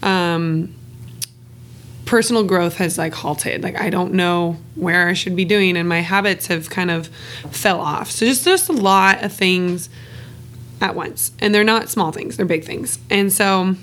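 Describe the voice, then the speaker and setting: A woman's voice: fairly low pitch, a little slow, fairly bright tone, slight background noise. Candid woman chatting on a podcast. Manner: open and chatty, swears often, laughs between phrases. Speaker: podcast co-host. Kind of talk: candid casual podcast chat.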